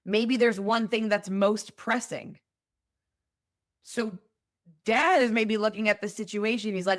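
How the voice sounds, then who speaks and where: A woman's voice: mid-range voice, takes it slowly, no echo, clean studio sound. A woman hosting a solo podcast, talking in a conversational, emphatic way and explaining with everyday examples. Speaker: podcast host.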